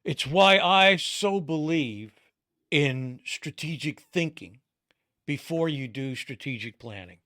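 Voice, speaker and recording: Host with a bright, higher voice. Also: male voice, lively intonation. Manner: halting, restarts his sentences. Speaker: podcast host. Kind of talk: interview conversation.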